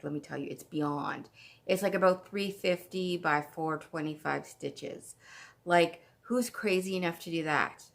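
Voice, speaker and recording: A woman with a very low, gravelly voice hosts a casual craft podcast from home. She talks in a gushing, excitable way. She is from Canada. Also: unhurried. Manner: chatty and gushing, breaks into excited laughter. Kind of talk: casual chat.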